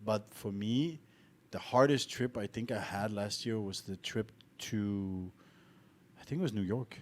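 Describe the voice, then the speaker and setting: A man's voice: fairly low pitch, unhurried. A man co-hosting a podcast in casual chat, telling travel stories with swearing and jokes. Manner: profane, joking, animated storytelling. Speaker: podcast co-host. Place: abroad, living in Tallinn.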